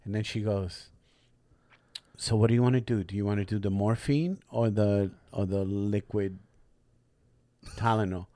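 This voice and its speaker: His voice is on the low side and he pauses often, speaking at a moderate pace on a dry recording. The man hosts a podcast and tells a casual, animated story full of swearing, doing voices for the people he quotes.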